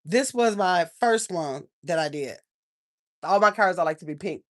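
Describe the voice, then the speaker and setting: A woman's voice: lowish voice, lively intonation, normal speed. Chatty older woman on a livestream. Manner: chatty, rambling, addresses viewers as y'all. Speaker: channel host. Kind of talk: casual livestream chat.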